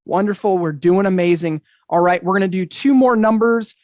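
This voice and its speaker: A man's voice: high voice, moderate pace, a little mellow, no room sound, studio quality. A man hosting an interactive magic show over a video call, talking to the audience with upbeat, enthusiastic patter. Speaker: magician and host.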